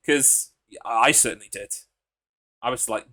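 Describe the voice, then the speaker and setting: A man's voice: a little high, animated, moderate pace, pushed and bright. A man streaming a horror game live, chatting casually in a rambling, crude, joking way with plenty of fillers.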